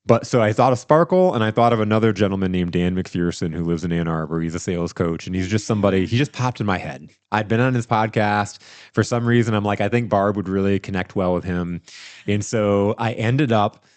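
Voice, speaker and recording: A man hosting a podcast, telling a story in casual chat, animated and rambling with restarts. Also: fairly low pitch, no echo. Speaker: podcast host.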